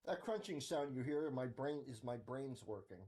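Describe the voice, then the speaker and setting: A man's voice: medium pitch, expressive, moderate pace, a little mellow, slightly rough. A man live-streaming his coding, thinking aloud in a goofy, rambling, sing-song way.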